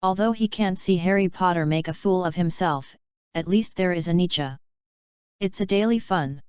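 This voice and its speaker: A woman narrating a fanfiction audiobook in a steady, even reading. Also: on the low side, normal speed, clear, resonant tone, no room sound. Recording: dull lo-fi dry recording.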